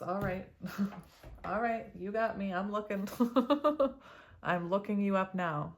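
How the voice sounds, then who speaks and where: A woman doing a casual tarot reading for her viewers, excitable and laughing often as she talks straight to them. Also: mid-range voice, slow pace, pauses often. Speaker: tarot reader.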